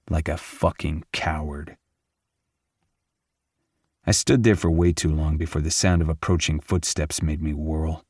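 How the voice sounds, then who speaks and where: A man's voice: low-pitched, darkish tone, no echo, studio quality. A man narrating a romance audiobook in the first person, with an intense, brooding delivery.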